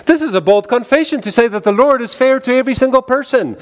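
A man preaching a sermon in an emphatic style, repeating phrases with wide rises and falls in pitch. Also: lively intonation, fast talker. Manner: emphatic, repetitive cadence with wide swings in pitch.

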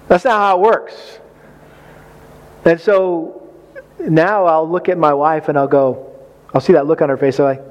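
A man's voice: fairly high pitch, normal speed, long pauses, highs cut off. A man preaching a sermon to men about marriage, telling a personal story and acting out his own reactions with animation. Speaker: pastor.

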